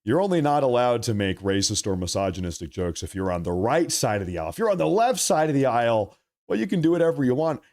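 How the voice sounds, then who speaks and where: A man's voice: mid-range voice, big pitch swings, fast talker, a little mellow. A young man hosting a live political stream, ranting in a heated, rambling way and reading from the chat. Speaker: political livestream host.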